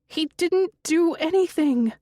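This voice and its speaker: A woman's voice: high voice, unhurried, darkish tone, no echo, studio quality, pitched above the performer's own voice. A woman voicing a terrified older mother who shrieks frantic pleas during night terrors in an audiobook.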